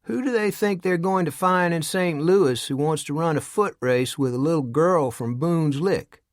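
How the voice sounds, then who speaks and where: A man's voice: a little high, moderate pace, dry recording, studio quality, pitched above the performer's own voice, close to an everyday voice. A man voicing a folksy, unflappable older frontier uncle with a rural drawl, in an audiobook.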